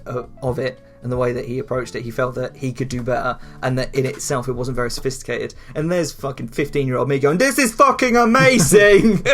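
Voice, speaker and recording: A young man chats loosely on a podcast, tripping over fillers and swearing freely. His voice sits at an ordinary middle pitch, with soft music playing faintly underneath. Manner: rambling, laughing, swearing, many fillers. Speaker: podcast co-host. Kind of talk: casual chat.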